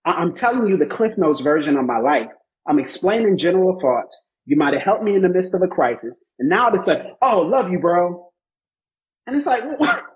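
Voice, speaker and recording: A man co-hosting a conversational podcast, with a slightly high voice. He speaks emphatically, almost like a preacher, and repeats lines for weight. His audio sounds a little dull and lo-fi.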